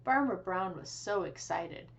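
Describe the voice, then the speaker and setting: A woman librarian reading a picture book aloud for children, slow and expressive with sing-song animal sounds. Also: on the low side, vocal fry. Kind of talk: children's storytime read-aloud.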